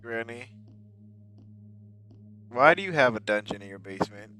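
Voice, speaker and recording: A man joking and yelling through a horror game playthrough with casual commentary. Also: mid-range voice, animated, moderate pace. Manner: joking, with loud outbursts. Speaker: game player. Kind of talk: let's play commentary.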